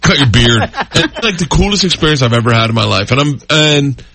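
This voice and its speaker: A man guesting on a podcast, telling rambling, excitable stories with frequent laughter in casual chat. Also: a little high, fast, no echo. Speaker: comedian guest.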